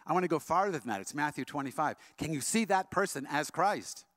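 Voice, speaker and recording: A man speaking at an interfaith event, telling a personal story in a quick, animated way with frequent restarts. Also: a little high, no echo. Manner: leads the audience in slow sung chant, then tells a story in a quick, animated way. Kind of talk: storytelling talk with sung chant.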